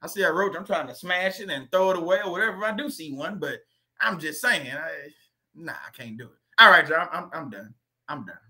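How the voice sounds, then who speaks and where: High, bright-voiced man joking on a livestream. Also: lively intonation, brisk. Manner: rambling, laughing, chatty asides. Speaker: livestream host.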